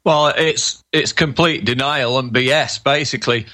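A man's voice: medium pitch, moderate pace, bright, forceful tone. Indignant man on a video call. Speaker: guest researcher. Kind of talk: call-in interview.

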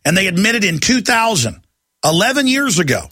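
A man's voice: high voice, sing-song, moderate pace, pushed and bright, husky, no echo. A middle-aged man hosting a talk radio show, ranting in a heated, agitated monologue.

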